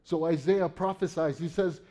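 A man's voice: on the high side, steady tone, moderate pace, dark tone. A man preaching a sermon, reading Bible verses and explaining them in a conversational way, often checking in with "right?". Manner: reads Bible verses aloud, then paraphrases them.

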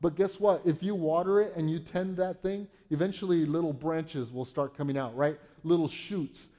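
A slightly high but dark-toned voice, at normal speed, belongs to a man preaching. He reads Bible verses and paraphrases them in a conversational style, often checking in with "right?".

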